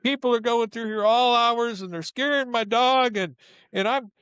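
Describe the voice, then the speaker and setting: A man's voice: very high voice, normal speed, clean tone, no room sound, muffled recording, pitched above the performer's own voice. A man voicing an angry older woman who guards her family's land and scolds trespassers. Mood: furious. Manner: scolding, shouting.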